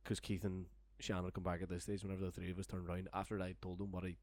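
A man's voice: low voice, monotone, racing, a little mellow, dry recording. A young man telling a long, rambling, sweary story in casual chat, laughing as he goes. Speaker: storyteller guest. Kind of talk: casual podcast anecdote.

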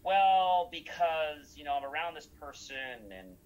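A man's voice: a little high, very animated, a little slow, lo-fi sound. A man recounting anecdotes in a casual talk, acting out the dialogue he quotes.

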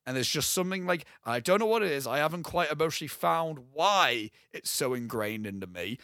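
A young man co-hosting a podcast, talking casually and excitedly about a film, rambling and swearing freely. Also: a little high, brisk, clean tone, dry recording, clean studio sound. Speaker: podcast co-host.

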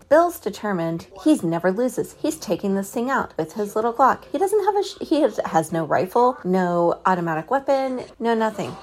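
A woman in her thirties casually recapping a movie, full of sarcastic asides and frequent swearing. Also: medium pitch.

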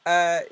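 A man's voice: pushed and bright, dry recording. A man hosting a podcast over a video call, easygoing and jokey, laughing often as he talks. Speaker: podcast host. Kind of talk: casual chat.

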